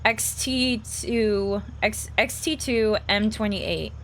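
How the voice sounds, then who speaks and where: A woman's voice: medium pitch, slow, fairly bright tone, slight background noise. A woman streamer giving casual, playful commentary while playing a horror game, reading lines aloud and talking to her chat.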